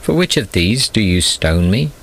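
A gentle, patient teacher speaks in a calm, kindly way, as a low-voiced man reads his lines in a storybook. The words come plainly and steadily. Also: normal speed, a little hiss or hum. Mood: earnest.

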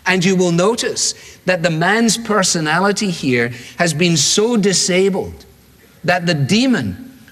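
A man delivering a sermon, emphatic and repetitive, slowing down to read out verses. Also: fairly high pitch, a bit bright. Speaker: preacher. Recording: long hall reverb.

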